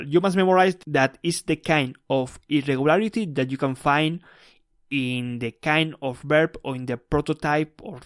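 Casting: male language teacher, unhurried delivery, dry close sound. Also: fairly high pitch, dry recording. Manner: slow and deliberate, explaining step by step. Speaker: Spanish teacher, podcast host. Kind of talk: casual spoken lesson.

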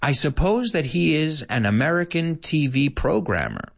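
A man hosting a live-streamed English lesson, playful and animated, dropping into Spanish asides now and then. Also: on the high side, normal speed, vocal fry. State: out of breath at times.

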